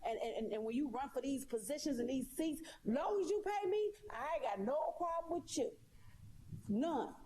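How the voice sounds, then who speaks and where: A woman's voice: high voice, lively intonation, normal speed, mellow. A woman talking straight to her viewers in a casual monologue, sassy and emphatic, repeating her points. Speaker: live streamer.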